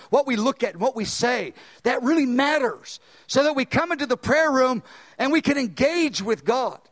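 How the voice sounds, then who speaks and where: Older man, pastor, sermon, high voice, animated delivery, loud emphasis and quiet asides.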